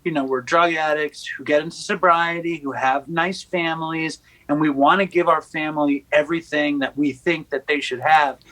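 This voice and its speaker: A man's voice: on the high side, a bit bright, low-quality recording. A man hosting a podcast, telling stories in a wry, joking way during a laid-back conversation. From New York City. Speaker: podcast host.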